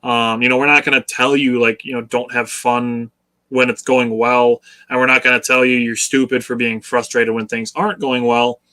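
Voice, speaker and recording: A man with a bright, slightly tense voice co-hosts a casual sports talk show. He explains things in a measured, patient way and nudges his listeners toward a level-headed view. His delivery stays conversational. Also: medium pitch. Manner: measured, explanatory, coaching listeners to stay even keel. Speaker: podcast co-host.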